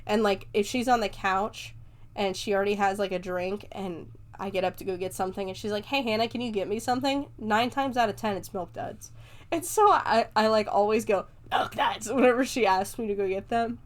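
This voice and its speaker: A woman's voice: mid-range voice, brisk. A young woman hosting a podcast, chattily recapping a movie with lots of fillers and casual swearing. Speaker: podcast host.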